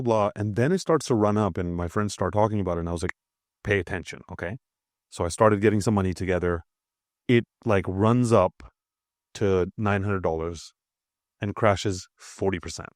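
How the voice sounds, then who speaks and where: Deep-voiced, slightly nasal man. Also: darkish tone, no room sound, studio quality. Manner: blunt, swearing, frequent "okay?" check-ins. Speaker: crypto channel host. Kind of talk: casual talk over a price chart.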